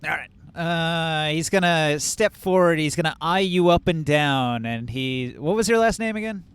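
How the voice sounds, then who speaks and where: A man's voice: fairly high pitch, normal speed, clean tone. A man running a tabletop game as game master, narrating scenes with frequent "uh"s. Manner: descriptive, filler-heavy narration.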